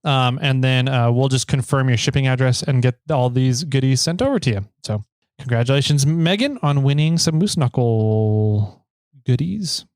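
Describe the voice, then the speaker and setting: A man co-hosting a casual podcast from a small studio, chatty and quick to laugh. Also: medium pitch, animated, darkish tone, no echo. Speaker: podcast co-host.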